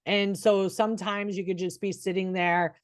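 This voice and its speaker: A woman's voice: medium pitch, fairly even intonation, normal speed, no echo, clean studio sound. A middle-aged woman, a nurse and podcast co-host, talking in an earnest, encouraging way with frequent restarts. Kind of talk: casual podcast chat.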